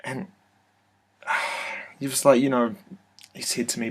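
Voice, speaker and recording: A man telling a personal story to his webcam in an office, hesitant and soft-spoken, full of fillers and restarts. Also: mid-range voice, flat delivery, slow, husky. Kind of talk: casual first-person testimony. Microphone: computer webcam mic.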